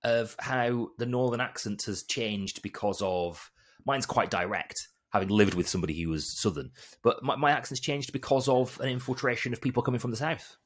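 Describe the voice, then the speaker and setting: A man from Bolton with a softened Northern English accent, co-hosting a podcast in a rambling, self-deprecating chat. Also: medium pitch, normal speed. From Bolton, England. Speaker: podcast co-host. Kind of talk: casual chat.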